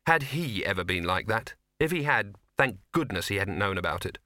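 A man reading a story aloud in an audiobook with wry, measured storytelling. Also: lowish voice, very animated, pushed and bright, dry recording, clean studio sound. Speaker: audiobook narrator. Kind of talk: scripted narration.

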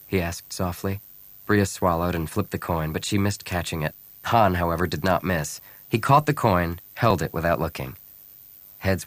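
A man reading a novel aloud as scripted narration, calm and even, speaking the characters' lines softly. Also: low voice, dry recording. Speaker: audiobook narrator.

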